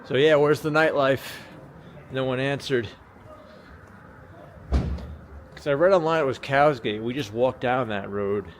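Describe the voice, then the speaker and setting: Passing traffic and street ambience fill the background as a man livestreams on a small handheld gimbal camera while walking city streets outdoors at night. He rambles and chats with his viewers in an unhurried, mid-range voice broken by long pauses.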